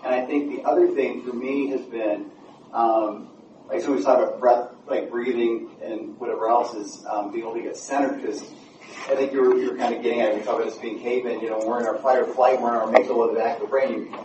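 A father earnestly reflecting on his anger and what he has learned about calming down. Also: medium pitch, a little fast, muffled recording. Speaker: discussion participant. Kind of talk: reflective personal sharing. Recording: echoey room, distant mic, background noise.

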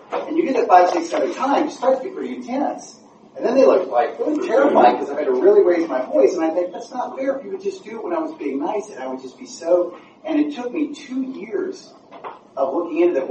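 A father earnestly reflecting on his anger and what he has learned about calming down. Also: medium pitch. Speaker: discussion participant. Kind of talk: reflective personal sharing. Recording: echoey room, distant mic, background noise.

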